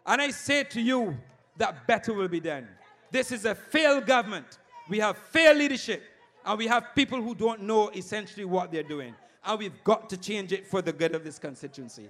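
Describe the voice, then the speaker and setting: Barbadian man, rally speech, very high voice, fiery, shouting. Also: animated, normal speed. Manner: fiery, shouting, repeats "ladies and gentlemen". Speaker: political candidate.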